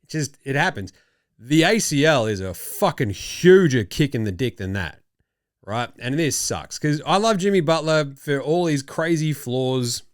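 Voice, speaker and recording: An Australian man hosting a casual sports talk show, animated and swearing freely. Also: mid-range voice, a little slow, no room sound, clean studio sound. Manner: animated, swearing, laughing asides. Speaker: podcast host.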